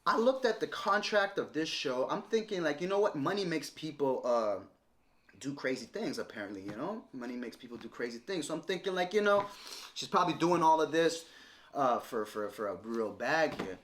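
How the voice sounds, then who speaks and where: A man's voice: on the high side, very animated, moderate pace, a bit bright. A man in his thirties talking straight to camera in a confrontational, repetitive rant aimed at his ex-partner. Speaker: vlogger responding to an ex-partner.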